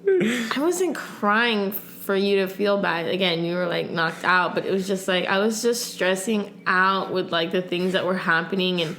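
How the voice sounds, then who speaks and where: A young woman co-hosting a podcast, telling an animated story in casual chat and acting out quotes. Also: medium pitch, moderate pace. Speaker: podcast co-host.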